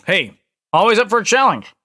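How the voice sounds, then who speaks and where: A man streaming himself playing a game, reacting in an excitable, chatty way. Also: high-pitched, brisk. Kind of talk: casual gameplay commentary.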